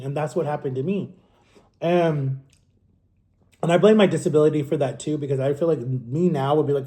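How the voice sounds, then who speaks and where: A man's voice: on the high side, moderate pace, pauses often, mellow. A man in his thirties from Florida, telling his story to camera in a casual, candid way and correcting himself as he goes. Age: 30s. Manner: rambling and candid, self-correcting. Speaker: vlogger. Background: eating on camera.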